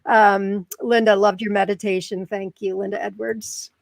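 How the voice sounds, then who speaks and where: A woman's voice: mid-range voice, little pitch movement, moderate pace, vocal fry, no room sound. An American woman hosting a chat show, bubbly, chatty and self-deprecating as she reads out comments. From United States. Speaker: podcast host. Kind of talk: casual chat.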